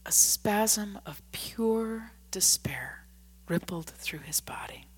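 Woman narrator, unhurried scripted story reading, hushed with frequent whispers. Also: medium pitch, animated, slightly rough. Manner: hushed, often dropping to a whisper.

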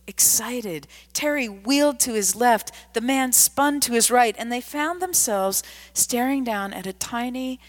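A woman narrating a story in a scripted reading, hushed and often dropping to a whisper. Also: medium pitch.

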